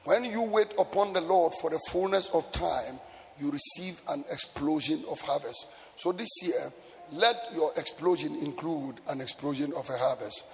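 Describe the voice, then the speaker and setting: A man's voice: a little high, moderate pace, creaky, a little hiss or hum. A male preacher delivering a sermon with emphatic, sing-song exhortation to his congregation. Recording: echoey hall with faint music.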